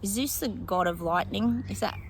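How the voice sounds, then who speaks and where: Here a woman psychic offers casual predictions to her audience, wandering as she thinks aloud, full of fillers and laughs. Her voice is medium-pitched and her speed normal; a slight background noise is present.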